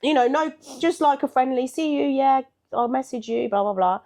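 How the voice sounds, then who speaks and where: A woman's voice: high-pitched, moderate pace, a little mellow. An older woman, a podcast co-host, telling a story in casual chat with a chatty manner, laughing often and acting out what people said.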